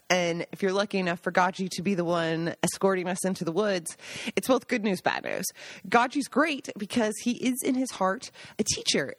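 A woman's voice: medium pitch, no room sound. A woman hosting a podcast, reading memoir chapter summaries and telling stories in a chatty tone with amused asides. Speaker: podcast host. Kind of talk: casual memoir reading and storytelling. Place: home in the countryside.

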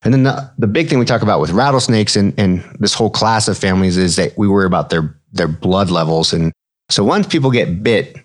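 Deep-voiced man explaining medicine casually. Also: fairly quick. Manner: relaxed, explanatory, mixes medical terms with slang. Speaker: physician co-host.

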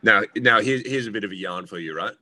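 Man, low voice, casual podcast chat, animated and sweary. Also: quick pace. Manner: animated storyteller who swears freely and acts out other people. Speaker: comedian co-host.

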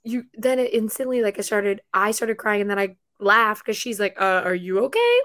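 A young woman co-hosting a casual chat, animated and laughing often as she tells stories. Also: mid-range voice, normal speed. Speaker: podcast co-host.

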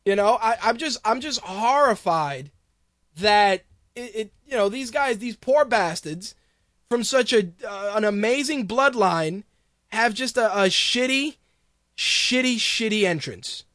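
Profane, sarcastic high-voiced man ranting. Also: animated, unhurried, fairly bright tone, no room sound, studio quality. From Hispanic background. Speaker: podcast host. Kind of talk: ranting casual commentary.

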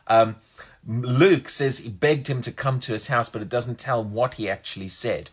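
Male preacher, husky tone, mid pitch, emphatic sermon delivery with frequent restarts. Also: moderate pace. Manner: earnest, emphatic, often repeats words while restarting.

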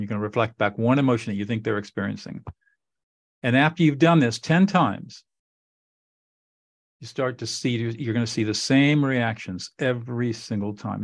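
A man's voice: mid-range voice, creaky, dry recording. A middle-aged man hosting a podcast interview, explaining in an earnest, instructive way and repeating phrases for emphasis. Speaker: podcast host. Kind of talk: conversational interview.

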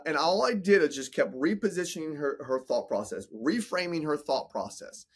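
Slightly high and a bit bright, this forties-aged man guests on a casual podcast as a business coach and entrepreneur. His tone is motivational and emphatic, with frequent word repetition.

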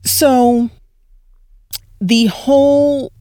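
A man's voice: extremely high pitch, steady tone, extremely slow, dark tone, clean tone, no echo. Male co-host on a panel, mid-range voice, dry close recording, emphatic and chatty. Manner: emphatic, conversational, checks in with "right?". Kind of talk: casual roundtable discussion.

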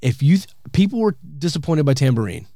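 Man, comedian podcast host, lively storyteller, dry close sound. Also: medium pitch, fast, dry recording. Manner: animated storyteller, acts out quotes. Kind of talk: casual storytelling chat.

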